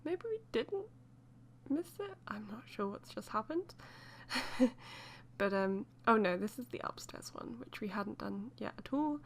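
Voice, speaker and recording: Woman with a gravelly, fried voice. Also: on the high side, lively intonation, measured pace, slight background noise. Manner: chatty and rambling, light laughs, many fillers. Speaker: let's play host. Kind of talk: casual voice-over commentary on a game build.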